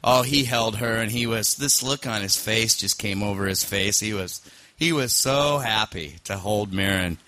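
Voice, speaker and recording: Podcast host guy rambling through a story, bright forward voice, dry close sound. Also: on the low side, normal speed, no room sound. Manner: rambling, many fillers and restarts, animated. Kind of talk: casual storytelling.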